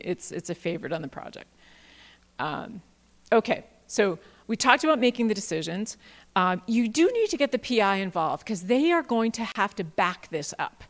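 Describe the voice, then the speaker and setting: A woman giving a playful, animated workshop talk with jokey asides to an audience. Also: mid-range voice. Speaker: workshop presenter. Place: large auditorium. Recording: long hall reverb.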